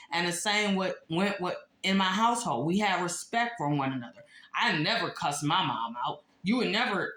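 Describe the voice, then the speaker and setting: A woman's voice: on the low side, expressive, moderate pace, hardly any pauses, pushed and bright. A woman talking casually to the camera in a chatty vlog, leaning hard on fillers like "like". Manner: chatty, filler-heavy, repeats "like". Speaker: vlogger. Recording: echoey room.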